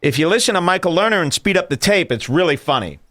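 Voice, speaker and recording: A man's voice: high voice, expressive, quick pace, pushed and bright. A man hosting a podcast, mocking clips he plays in a crude, rambling way. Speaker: podcast host. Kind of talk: casual commentary over clips.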